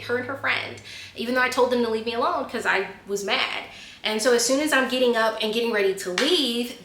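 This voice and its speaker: A woman, chatting casually as a vlogger and telling an animated story that she laughs at. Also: mid-range voice, echoey room. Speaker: vlogger answering viewer questions. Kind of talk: casual chat.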